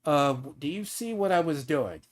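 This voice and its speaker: A man's voice: on the high side, lively intonation, moderate pace. A man streaming a game, ranting at another player in a profane, taunting, mocking way. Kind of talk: heated live-stream rant at a player.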